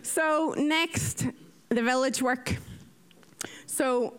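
A young woman, a nurse telling stories from her mission work in a lively talk with slides. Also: high voice, drawn-out words, clean tone. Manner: lively, animated storytelling with acted-out quotes.

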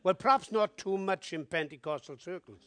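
A man preaching a sermon, telling his testimony in an animated storytelling way and building to emphatic appeals. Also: sits high, normal speed, dry recording.

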